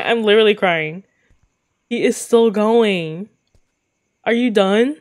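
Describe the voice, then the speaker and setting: A woman's voice: mid-range voice, takes it slowly, long pauses. A woman giving let's play commentary on a game, giggly, often breaking into laughter and exclaiming in disgust. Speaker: gaming video creator.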